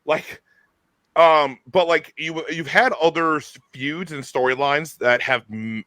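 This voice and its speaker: Man host, casual chat, enthusiastic, bright tone, dry close sound. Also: on the high side, no room sound. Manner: animated, enthusiastic, quick restarts. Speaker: podcast host.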